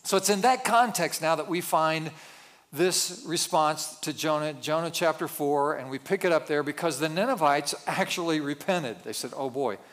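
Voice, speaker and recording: A man's voice: a little high, moderate pace, a bit bright. A male pastor giving a sermon in a conversational way, with self-deprecating asides.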